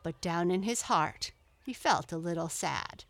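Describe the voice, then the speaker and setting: Slow, measured woman storyteller. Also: lowish voice, no room sound. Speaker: narrator. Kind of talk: storybook narration.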